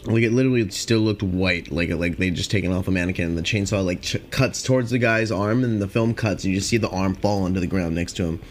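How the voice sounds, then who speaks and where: A young man hosting a podcast, rambling casually and profanely with lots of filler, and high on cannabis. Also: fast talker, few pauses, a little hiss or hum. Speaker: podcast host.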